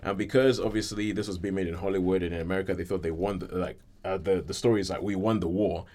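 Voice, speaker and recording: A man with a fairly low voice hosts a casual film podcast. He rambles through his points, leaning on fillers and loosely strung phrases. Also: fairly even intonation, quick pace, warm tone. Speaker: podcast host.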